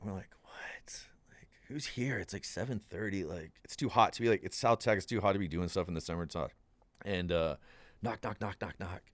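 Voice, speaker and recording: A young man tells a story on a podcast in a low voice, rambling and animated. He keeps saying "dude" and acts out what the people in it said. The sound is dry and close to the mic. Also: brisk, dry recording. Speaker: podcast guest. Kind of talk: casual storytelling.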